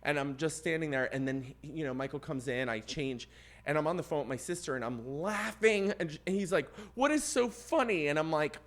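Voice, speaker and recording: Animated storytelling male podcast host. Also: fairly high pitch, a little fast. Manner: animated, voices other people and gets loud at the climax. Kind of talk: casual storytelling chat.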